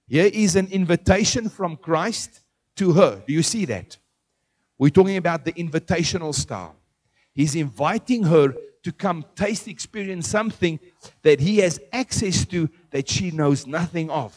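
High-pitched guy preaching, lively, keeps asking the crowd questions. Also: normal speed. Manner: animated, asks the audience questions. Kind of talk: sermon.

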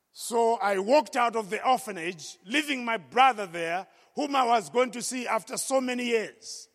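A man with a strikingly high, gravelly voice tells his own story to an audience as a testimony. He speaks emphatically and at times breaks into a shout. His words ring out with the long reverb of a large hall. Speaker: speaker giving a personal testimony.

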